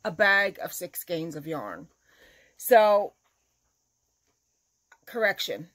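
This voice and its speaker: A woman crochet vlogger chatting casually to her viewers, telling an animated story. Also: fairly low pitch, extremely slow, long pauses. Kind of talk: casual chat to camera.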